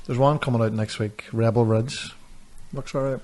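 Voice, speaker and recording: A man chatting casually as a podcast co-host, easygoing and quick to laugh. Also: medium pitch, steady tone, a little mellow, slight background noise. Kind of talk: casual chat.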